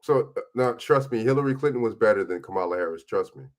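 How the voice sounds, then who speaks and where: A man's voice: on the low side, lively intonation, fast, soft background music. A man hosting a livestream, arguing back at clips in blunt, profane casual commentary. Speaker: livestream host reacting to clips.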